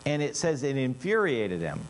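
A man preaching a sermon in an animated way, dropping into quiet asides and rising into loud, emphatic bursts. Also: mid-range voice, moderate pace.

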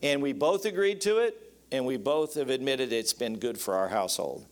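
A man's voice: mid-range voice, moderate pace. A man preaching a sermon on marriage in a folksy, joking way, often calling out to the congregation for an amen. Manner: folksy, joking, calls out for amens. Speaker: pastor.

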